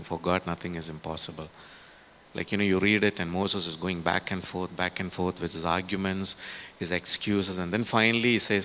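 Low gravelly guy preaching, chatty, lots of uhs and "isn't it", slight hiss. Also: bright, forceful tone. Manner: conversational, many fillers and tag questions. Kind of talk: sermon.

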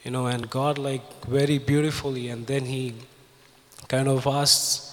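A man preaching a sermon and reading scripture aloud, speaking in a halting way with fillers and repeated phrases. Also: medium pitch, flat delivery, fairly bright tone. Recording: long hall reverb.

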